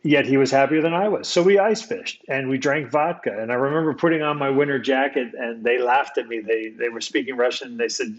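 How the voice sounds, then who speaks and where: As a guest storyteller, an American man recounts a personal story in a relaxed, reflective conversational manner, often circling back to restart sentences. His pitch is ordinary, and the recording sounds somewhat dull and lo-fi.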